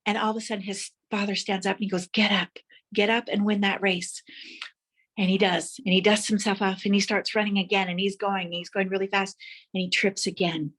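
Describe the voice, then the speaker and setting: A woman's voice: mid-range voice, little pitch movement, brisk, a bit bright, husky. A woman giving a motivational speech, telling vivid stories and guiding listeners to imagine their dreams. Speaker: motivational speaker.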